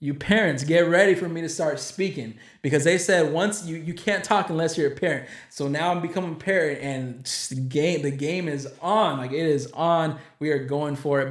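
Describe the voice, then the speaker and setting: Young male church podcast host, casual and preachy, somewhat high voice, echoey room. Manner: animated, preachy, rambling. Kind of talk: casual chat.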